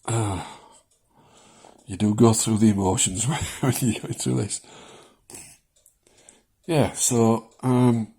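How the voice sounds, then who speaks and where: A man in his seventies talking casually in a personal vlog, rambling with many pauses and chuckling at his own jokes, shaky as he speaks. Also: fairly low pitch, steady tone, mellow, breathy edge. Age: 70s. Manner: rambling, self-deprecating, chuckles often, many ums. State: shaking. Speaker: vlogger sharing his cancer experience.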